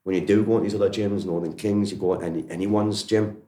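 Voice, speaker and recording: A man's voice: deep voice, fairly even intonation, quick pace, warm tone, echoey room. A Geordie man from Newcastle, a martial arts coach, telling stories in a rambling, friendly way, full of "you know" and "like". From Newcastle, England. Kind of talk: casual storytelling interview.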